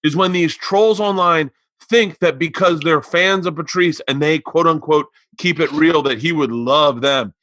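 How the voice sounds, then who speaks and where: A man hosting a casual podcast, talking in animated, profane bursts. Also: on the high side, a little slow, dry recording. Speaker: podcast host.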